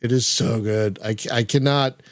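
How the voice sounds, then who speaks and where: A man's voice: medium pitch, fairly even intonation, moderate pace, no echo, clean studio sound. A man hosting a casual podcast chat, gushing with frequent exclamations. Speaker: podcast host.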